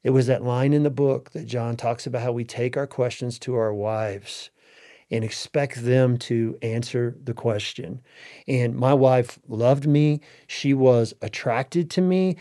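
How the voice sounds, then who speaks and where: A middle-aged man with a warm, mellow voice shares a personal story as a podcast guest. He talks in an earnest, heartfelt way and often starts his sentences over. His pitch sits in an ordinary middle range. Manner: earnest and heartfelt, with halting restarts. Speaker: interview guest.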